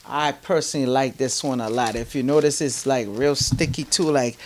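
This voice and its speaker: A man's voice: mid-range voice, moderate pace, a little hiss or hum. A man being interviewed who tells his stories animatedly, acts out the voices of people he quotes and gives spiritual advice. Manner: lively, acts out quoted voices, laughs mid-story. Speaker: interview guest.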